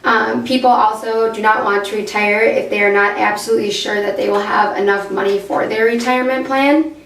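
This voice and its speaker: A young woman presents to her class in a mid-pitched voice that is going a little hoarse. She talks steadily with some fillers. She is recorded from across an echoey room with a light hum of background noise. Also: fairly even intonation, fairly quick, fairly bright tone. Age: young adult. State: losing her voice. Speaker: student presenter. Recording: echoey room, far from the mic, faint noise.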